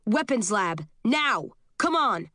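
A woman's voice: mid-range voice, very animated, takes it slowly, sharp tone, no echo, clean studio sound, heavily acted. A woman voicing a frantic young man who urges others on in a raised voice, reading an audiobook. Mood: urgent. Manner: urgent, raised voice.

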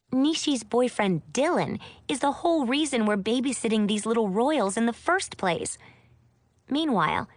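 A woman's voice: a little high, no echo. Woman narrating a chatty audiobook. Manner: chatty, wry storytelling. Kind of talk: scripted first-person audiobook narration.

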